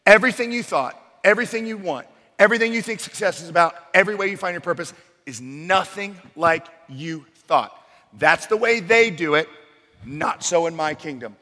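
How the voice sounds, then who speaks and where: A man's voice: high voice, expressive, moderate pace, sharp tone. A male pastor voicing a firm teacher who explains his kingdom in an insistent, emphatic way. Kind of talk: sermon storytelling. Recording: long hall reverb.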